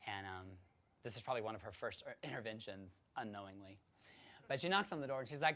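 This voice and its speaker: A man from the United States telling a personal story to an audience, animated, laughing often and acting out the voices of others. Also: fairly high pitch, fairly quick, a little hiss or hum.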